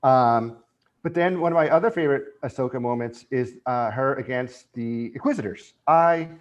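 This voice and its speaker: Male podcast guest, mid-range voice, animated and emotional, gushing in casual chat. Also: medium pitch, moderate pace, dull audio. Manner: emotional, excited fan, animated retelling.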